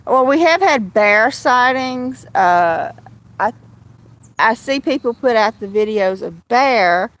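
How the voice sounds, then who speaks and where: A woman's voice: fairly high pitch, lively intonation, slow. A woman hosting a casual phone livestream outdoors, chatting to her cats and viewers in a rambling way. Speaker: livestream host. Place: outdoors with kittens, walking to a field.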